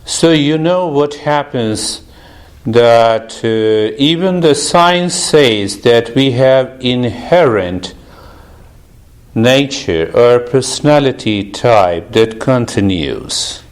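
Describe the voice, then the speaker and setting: Slow-talking man teaching meditation. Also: mid-range voice, animated. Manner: slow, laughing often, friendly teasing. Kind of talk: casual group session talk.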